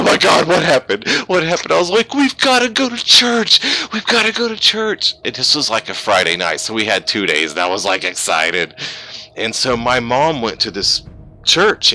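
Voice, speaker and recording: A man's voice: fairly low pitch, sharp tone. A man in his thirties, a pastor and streamer, giving a heartfelt, rambling personal testimony over a gaming headset. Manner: heartfelt and emotional, rambling with restarts.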